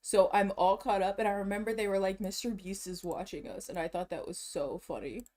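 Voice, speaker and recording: A woman's voice: medium pitch, a little fast. Woman streamer rambling while she shops online, hyped, slangy, laughs a lot, kinda breathless. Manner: excitable, talks to herself, slangy, laughs often. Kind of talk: casual chat while browsing online.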